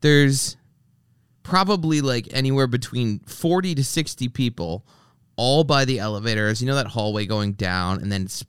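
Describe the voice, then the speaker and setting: A man's voice: medium pitch, animated, moderate pace, smooth, no echo, clean studio sound. A man hosting a podcast, chatting casually and telling stories, acting out the people he quotes and swearing freely. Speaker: podcast host. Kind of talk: casual chat.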